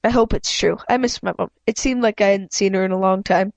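A woman reads a children's novel aloud at home, in a voice of ordinary pitch. She often trips over words and goes back to fix them. The sound is dry and close. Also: brisk, vocal fry, a little mellow, dry recording, dull audio. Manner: plain reading with frequent slips and self-corrections. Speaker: reader of a book. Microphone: home microphone, self-adjusted.

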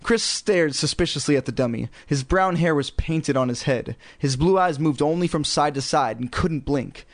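Man reading a kids' horror story aloud with snarky asides; dry, close and slightly high. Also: normal speed, hardly any pauses, dry recording. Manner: sarcastic, joking asides. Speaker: audiobook reader.

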